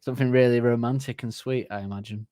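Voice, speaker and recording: A man riffs crudely on a comedy podcast, giggling often and slipping into silly high voices. His voice sits close and dry on the mic. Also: fairly even intonation, quick pace, mellow, smooth, no room sound. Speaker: podcast co-host. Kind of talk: casual comedic banter.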